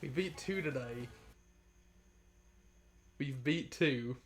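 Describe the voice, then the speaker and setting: A young man commentating his own racing gameplay live, playful and jokey, getting excitable as he races. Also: mid-range voice, slow. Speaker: gaming streamer.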